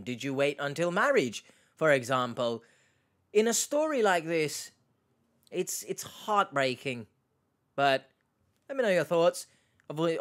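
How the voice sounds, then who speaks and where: A man's voice: mid-range voice, a bit bright. A man hosting a reaction video, chatting casually to his viewers with rambling restarts and questions for the comments.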